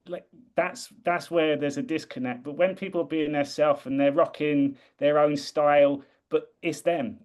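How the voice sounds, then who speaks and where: A man from the UK with a slightly raised pitch, speaking in an earnest, reflective way. He often circles back and restarts his sentences as he gathers his thoughts. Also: a little mellow. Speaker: guest. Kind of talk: casual conversation.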